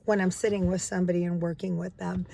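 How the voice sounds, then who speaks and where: A woman's voice: on the low side, little pitch movement, fast, creaky, mellow, slight background noise. A middle-aged woman, a recovery coach, giving casual, earnest advice and repeating key phrases for emphasis.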